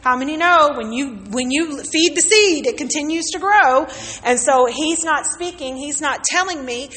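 Woman pastor preaching in a big echoey church, bright high voice, gets the crowd to answer back. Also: moderate pace. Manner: call-and-response preaching, storytelling with acted quotes. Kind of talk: sermon. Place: church sanctuary with congregation.

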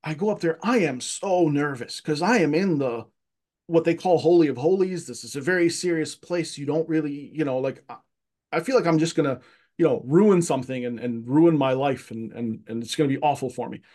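A man from Egypt, a podcast guest, telling childhood stories in casual conversation, lively and often repeating words as he searches for them. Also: on the high side, brisk.

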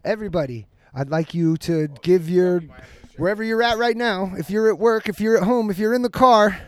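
A man's voice: high voice, a little fast, clean tone, no room sound, clean studio sound. A man hosting a casual podcast chat, joking loosely and laughing often. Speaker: podcast host.

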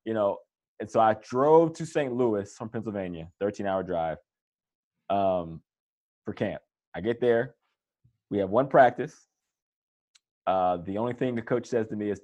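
Male interview guest, fairly low voice, conversational storyteller, quotes people lively. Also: normal speed, pauses often, muffled recording. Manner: relaxed, animated retelling with quoted voices. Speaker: guest, former pro football player.

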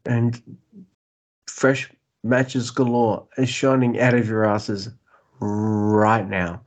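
A man co-hosting a casual wrestling podcast, excitable and a bit tipsy, who swears freely and laughs often. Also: lowish voice, very slow. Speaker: podcast co-host.

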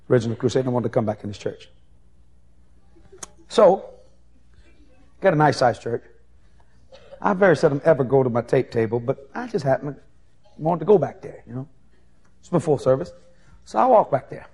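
Gravelly-voiced evangelist telling stories. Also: male voice, medium pitch, fairly quick, pauses often. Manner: animated, folksy anecdotes. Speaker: evangelist preacher. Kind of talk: sermon storytelling.

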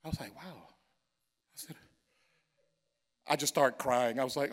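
A man preaching, telling a personal story that builds into loud, drawn-out praise. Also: mid-range voice. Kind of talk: sermon testimony. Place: church.

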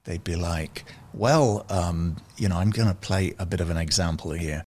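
A man's voice: low-pitched, normal speed, slightly rough. A man being interviewed over a video call, talking casually and animatedly about his music service, often restarting his sentences. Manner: animated, restarts often, laughs between points. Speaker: guest, music service founder.

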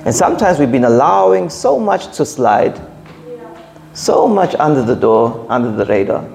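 A man's voice: medium pitch, very animated, moderate pace, creaky, a little mellow. A man preaching a sermon, emphatic and repetitive, with joking asides.

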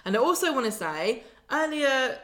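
A woman's voice: high-pitched, very animated, fairly bright tone. A woman co-hosting a casual chat, recapping a soap episode and acting out its characters' lines. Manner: chatty, acts out lines in quick put-on voices. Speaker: podcast co-host.

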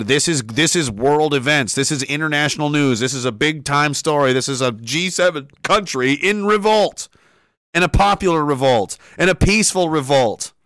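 Excitable, swearing man ranting on stream. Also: a little high, no echo, studio quality. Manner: excitable, profane, laughs often, restarts sentences. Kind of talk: casual livestream rant.

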